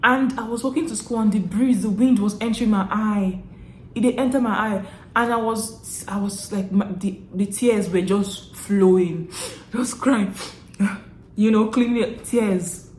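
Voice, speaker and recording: A woman's voice: medium pitch, a little slow, a little hiss or hum. Chatty young Nigerian woman, echoey room. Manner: animated, laughing often, chatty with many restarts. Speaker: vlogger. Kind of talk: casual storytelling to camera.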